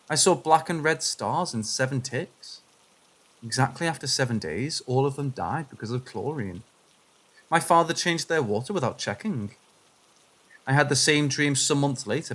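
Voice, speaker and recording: A man's voice: mid-range voice, fairly bright tone. Man reading paranormal stories aloud. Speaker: narrator reading viewer stories. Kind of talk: scripted narration of submitted stories.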